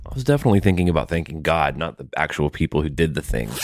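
A man's voice: extremely low pitch, very animated, rapid-fire, dry recording. A man co-hosting a comedy podcast, with dry, sardonic humor in casual banter. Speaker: podcast co-host.

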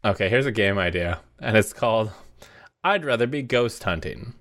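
A man co-hosting a comedy podcast, with a dry, unhurried, mock-corporate delivery. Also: fairly low pitch, animated, a bit bright. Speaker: podcast co-host. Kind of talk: deadpan comedic podcast banter.

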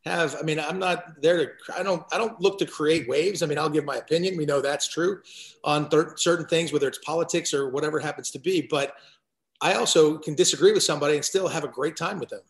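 Gravelly-voiced man telling stories. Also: a little high, quick pace, roomy sound. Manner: chatty, animated storyteller with frequent restarts. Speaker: podcast guest, actor. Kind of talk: casual chat, storytelling.

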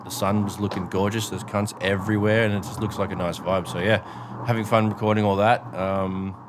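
A man co-hosting a podcast in casual chat, relaxed, trailing off into quiet mumbles. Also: on the low side, brisk, noisy background. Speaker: podcast co-host.

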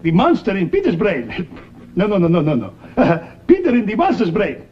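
A flustered vampire uncle. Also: male voice, sits high, huge pitch swings, moderate pace, heavily acted. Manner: flustered, correcting himself over and over. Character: blustering male vampire uncle, impatient. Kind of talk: 1960s TV sitcom acting. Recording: dull lo-fi old TV audio.

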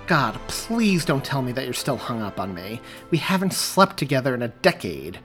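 A man's voice: mid-range voice, big pitch swings, moderate pace, fairly bright tone, soft background music. A man voicing an exasperated, outspoken young woman in an audiobook reading. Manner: insistent, exasperated.

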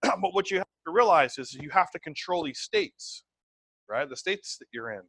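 Emphatic male sales trainer, fairly high voice. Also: normal speed, creaky, husky, dry recording. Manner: emphatic, tags points with "right?" and "okay?"; repeats words, conversational and animated. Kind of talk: live training talk to a group.

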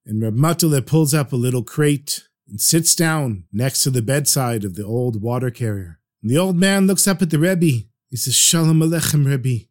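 A man narrating a traditional story for a podcast in an earnest, lively way. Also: medium pitch, normal speed, hardly any pauses.

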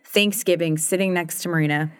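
A woman in her thirties speaks in a low, candid voice on a podcast. She chats with frequent laughs and many fillers, and the close recording sounds dry. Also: fairly even intonation, fairly quick, clean tone, dry recording. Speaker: podcast co-host. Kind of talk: casual conversation.

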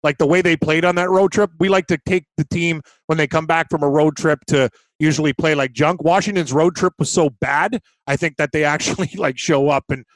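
A male podcast co-host with a slightly higher-than-usual voice, sounding blunt and fed up as he talks through his picks. He rants plainly and directly. The recording is close and dry. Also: fairly even intonation, brisk, few pauses, dry recording. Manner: blunt, exasperated ranting. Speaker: podcast co-host, hockey betting. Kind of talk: casual sports betting chat.

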